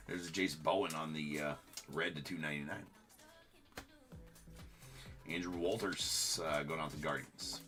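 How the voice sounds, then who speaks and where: Low, bright-toned man hosting a card break. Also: steady tone, faint music behind. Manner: rapid running commentary with frequent filler words. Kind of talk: live-streamed card break commentary.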